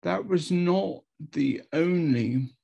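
A man who is an Anglican priest, telling a testimony story slowly and dramatically over a video call, repeating words and acting out quotes. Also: a little high, gravelly, dark tone, breathy edge, highs cut off. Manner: slow, repetitive, dramatic retelling with acted quotes.

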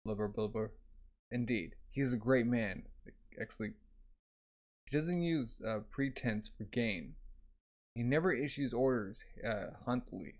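A man's voice: mid-range voice, unhurried. A man casually reading a comic aloud, voicing sound effects and filling with "like". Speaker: manga reader. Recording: dull lo-fi recording.

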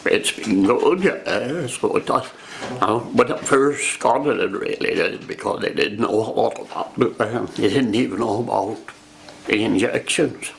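A man speaking as a patient in a clinic video, halting and hesitant. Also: on the low side, gravelly, slight background noise.

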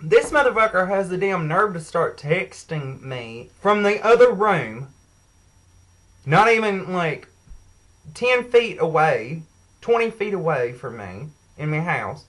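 A woman's voice: fairly low pitch, big pitch swings, slow, poor audio. A woman telling an angry, profane story to her viewers in a sassy, heated way. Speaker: vlogger. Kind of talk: angry rant to camera.

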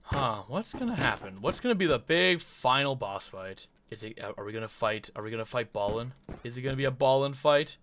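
A man streaming a horror game, giving excitable commentary and yelping when startled. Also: medium pitch, fairly quick, hardly any pauses, slight background noise. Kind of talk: gaming commentary.

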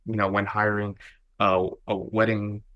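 A man's voice: on the low side, measured pace, muffled recording. A young adult man, a wedding filmmaker chatting as podcast co-host, telling stories animatedly and filling with "like". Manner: animated storytelling, filler-heavy. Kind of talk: casual podcast chat.

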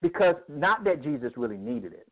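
Male guest speaker, lively preacher-style delivery, heard down a phone line. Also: a little high, normal speed, breathy edge. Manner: emphatic, preacherly, acts out dialogue. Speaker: guest speaker on men's ministry. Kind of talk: animated interview storytelling.

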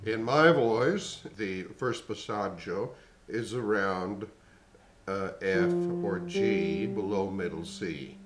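Older man teaching singing, slow and echoey. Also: on the low side, soft background music. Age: 60s. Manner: measured, explanatory teacher. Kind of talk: singing lesson demonstration.

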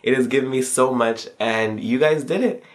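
A young man in his twenties giving a casual video game review. He gushes and often leaps up in pitch when he acts out his own reactions, peppering his talk with casual slang. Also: moderate pace, slight background noise. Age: 20s. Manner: excitable and gushing, with pitch leaps on quoted reactions.

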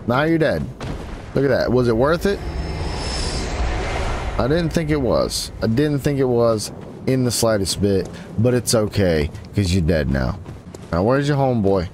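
Narrating his gameplay in an animated, unhurried way with frequent pauses, this male YouTuber taunts his foes, and his pitch shoots up whenever he gets frustrated. It's a let's play with game audio and background noise underneath.

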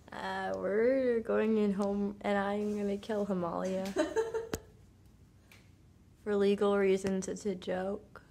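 A woman's voice: mid-range voice, flat delivery, slow pace, gravelly, long pauses, warm tone, a little hiss or hum. A young woman chatting casually in a vlog, bubbly and jokey, poking fun at herself. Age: young adult. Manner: bubbly, jokey, self-mocking. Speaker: vlogger.

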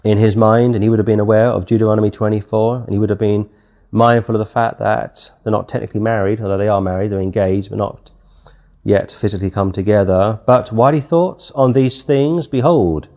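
With a low, mellow voice and flat, quick delivery, a British-accented teacher goes through scripture verse by verse. He keeps things conversational and reads the King James verses aloud.

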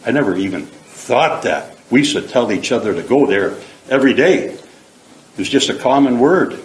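A man's voice: mid-range voice, expressive, normal speed. Middle-aged man, earnest plain-spoken testimony, echoey hall. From Canada. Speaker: speaker giving his testimony. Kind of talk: personal testimony. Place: church hall. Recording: echoey hall, faint background hiss.

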